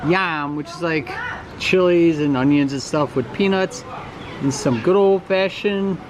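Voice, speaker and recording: A man's voice: fairly high pitch, unhurried. Rambling self-mocking male vlogger, noisy street. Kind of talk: casual vlog chat. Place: outdoors in a city, walking about.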